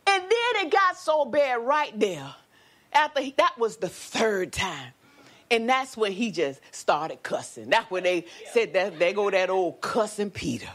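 A woman preacher delivering a sermon with lively call-and-response exclamations and a Black lilt. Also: a little high, unhurried.

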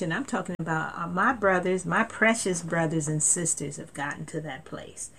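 A woman's voice: fairly low pitch, normal speed, fairly bright tone, a little hiss or hum. A woman preaching a sermon in an earnest tone, often repeating words and reading scripture aloud.

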